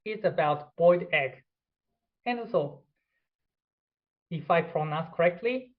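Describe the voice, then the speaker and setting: A man's voice: on the high side, expressive, unhurried, long pauses, lo-fi sound. A man whose first language is Japanese, giving a presentation lecture in non-native English and demonstrating pronunciation examples. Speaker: instructor.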